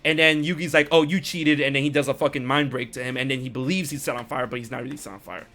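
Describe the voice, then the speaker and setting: A man hosting a podcast, casually retelling anime scenes in an animated, swearing storyteller's manner. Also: mid-range voice, quick pace, soft background music. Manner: animated storyteller, acts out characters, swears freely. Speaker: podcast host.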